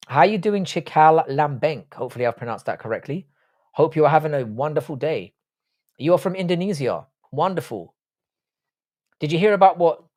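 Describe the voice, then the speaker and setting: A man's voice: on the high side, darkish tone. A young British man from England hosting a livestream, reading out viewer comments in casual, blunt, sweary banter. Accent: British English. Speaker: livestream host.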